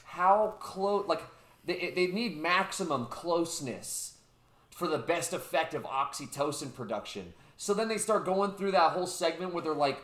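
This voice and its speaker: An excitable man co-hosting a podcast, his voice sitting a little high. He swears freely and gets wound up as he retells scenes. The room around him rings with echo. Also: moderate pace. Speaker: podcast co-host. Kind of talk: casual chat.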